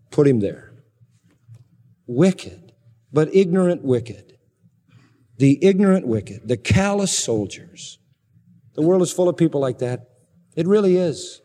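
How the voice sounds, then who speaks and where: Emphatic preacher man in a reverberant hall. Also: darkish tone. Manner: emphatic, dramatic swings in pitch and pace. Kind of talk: expository sermon. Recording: long reverb of a large hall.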